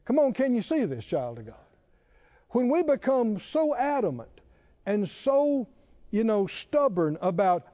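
Man, preacher, sermon, pointed rhetorical questions, mellow tone, dull lo-fi sound. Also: very high voice, sing-song, measured pace.

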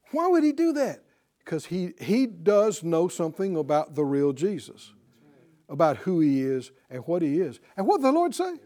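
Man preacher, high voice, wide swings, punchy exhorting class teacher. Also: normal speed. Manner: animated, punchy call-and-response preaching. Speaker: Bible teacher. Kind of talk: exhortational sermon-style class.

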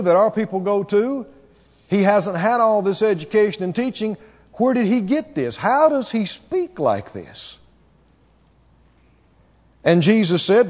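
A man's voice: high voice, a little mellow, in a large hall, lo-fi sound. A man preaching a sermon to a congregation, asking them questions as he goes. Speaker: pastor.

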